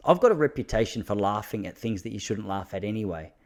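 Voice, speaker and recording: On his solo podcast, a young Australian man tells casual stories fast, in a lowish voice with lively intonation. Frequent laughs and jokes at his own expense run throughout.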